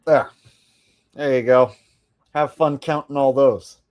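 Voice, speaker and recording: A man's voice: mid-range voice, steady tone, slow, a little mellow. A man hosting a livestream, talking in a boastful, rambling way as he comments on clips. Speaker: livestream host. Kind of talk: casual stream commentary.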